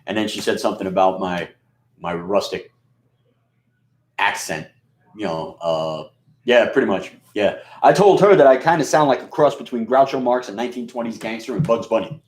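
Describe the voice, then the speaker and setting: This radio and video host from New York has a lowish, darkish voice, scratchy and rustic, with a Queens-Bronx mix of an accent. At a normal pace he rambles through a swear-filled, casual monologue full of fillers and restarts, in a room with a noticeable echo.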